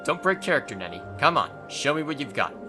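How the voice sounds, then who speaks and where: A man hosting a let's play, reading dialogue choices and commenting in a wry, relaxed way. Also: mid-range voice, fast, music in the background.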